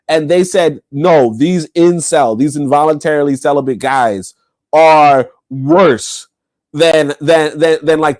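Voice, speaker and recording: A man co-hosting a livestreamed podcast, talking in a loose, profane, animated way and laughing often. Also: fairly high pitch. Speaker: podcast co-host. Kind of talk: casual livestream chat.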